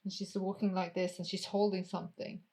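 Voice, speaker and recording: A woman running a tabletop game as game master, narrating in a casual, drawn-out way with some swearing. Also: mid-range voice, little pitch movement, warm tone.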